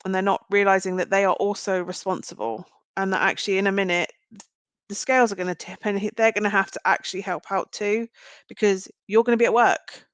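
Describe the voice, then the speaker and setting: A woman's voice: medium pitch, fairly even intonation, a little fast, clean tone, no room sound. Chatty woman reading tarot. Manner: chatty, speaks straight to viewers. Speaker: tarot reader. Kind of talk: live-stream card reading.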